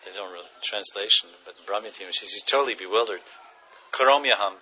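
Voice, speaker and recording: A man's voice: fairly low pitch, fast talker, pushed and bright, slightly rough, highs cut off. A man giving a devotional class, chanting verses, translating them and chuckling as he tells stories. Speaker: spiritual teacher.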